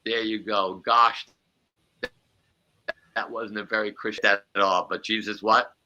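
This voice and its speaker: A man's voice: fairly low pitch, flat delivery, measured pace, sharp tone. A man hosting a podcast as a psychic medium, chatting casually in a rambling way with chuckling asides.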